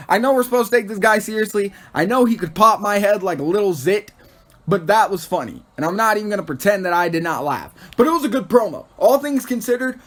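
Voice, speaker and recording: A man hosting a podcast, casually and excitedly recapping a wrestling show and acting out the wrestlers' lines. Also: high voice. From Texas. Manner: excitable, acts out quoted wrestlers in funny voices. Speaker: podcast host.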